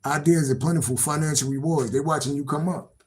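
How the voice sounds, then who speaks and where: A man's voice: on the high side, fairly even intonation, fast, poor audio. A man doing a casual live-stream tarot reading, rambling and repetitive, swearing freely and laughing to himself. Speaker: tarot reader.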